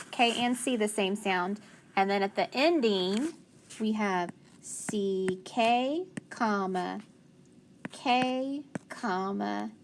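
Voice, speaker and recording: A woman teacher slowly leading a phonics spelling lesson, patiently sounding out letters and praising answers. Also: medium pitch, a little hiss or hum.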